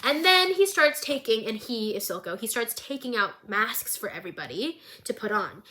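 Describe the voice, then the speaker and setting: A woman's voice: on the high side, sing-song, normal speed, pushed and bright, slight background noise. A woman vlogger giving a casual, chaotic show recap with jokey, rambling asides.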